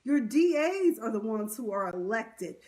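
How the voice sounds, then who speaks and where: A woman's voice: fairly high pitch, very animated, a little slow, a little mellow, distant mic. A young woman giving blunt, opinionated commentary in a casual vlog, often repeating words as she starts sentences. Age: young adult. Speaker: vlogger.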